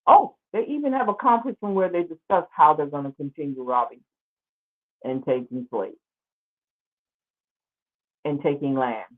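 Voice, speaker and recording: A woman's voice: low-pitched, normal speed, pauses often. A woman hosting a show, giving casual, sarcastic commentary as she exclaims over pictures. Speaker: show host. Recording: tinny phone-like line.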